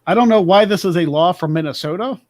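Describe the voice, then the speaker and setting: A man's voice: high-pitched, fast, darkish tone, no room sound. A man hosting a casual talk show, reading out odd laws and joking about them. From Pennsylvania. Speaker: podcast host. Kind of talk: casual chat.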